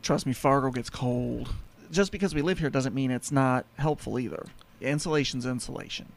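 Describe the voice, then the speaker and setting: A man who owns a home insulation business hosts a home-improvement talk show, rambling through stories in casual radio chat full of fillers. His voice is mid-range with some vocal fry, at a normal speed.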